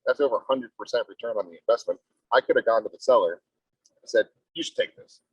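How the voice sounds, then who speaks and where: A man's voice: fast, husky, no room sound. A man, a real estate agent, talking emphatically in a team meeting and often asking "right?". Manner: emphatic, salesy, repeats "right?". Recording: muffled low-fidelity audio.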